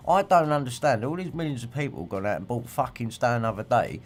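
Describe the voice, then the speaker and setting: A man's voice: mid-range voice, fast. A man, ranting and swearing in a rambling livestream monologue and reacting to viewer comments. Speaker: livestream host.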